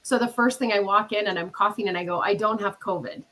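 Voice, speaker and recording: A woman's voice: medium pitch, fast talker, rough recording. A woman hosting a casual podcast chat, telling stories animatedly and acting out what others said, with a cough from illness. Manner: animated storytelling, acting out quoted people. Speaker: podcast host.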